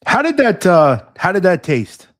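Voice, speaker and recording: A man interviewing a guest in a relaxed conversation, quick to agree and encourage. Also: high voice, no room sound, studio quality. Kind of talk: casual interview.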